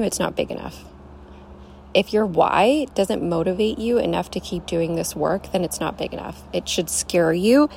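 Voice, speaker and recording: A woman's voice: on the low side, vocal fry, darkish tone, slight background noise. A young woman hosting a podcast, giving an emphatic, casual motivational talk, swearing freely and calling the listener babe. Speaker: podcast host, coach.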